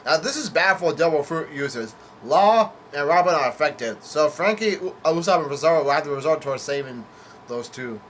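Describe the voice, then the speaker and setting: A fairly bright, expressive male voice on the high side, a little fast, with slight background noise. A manga chapter reviewer, he casually recaps a comic chapter, hesitant, full of fillers, self-corrections and casual swearing.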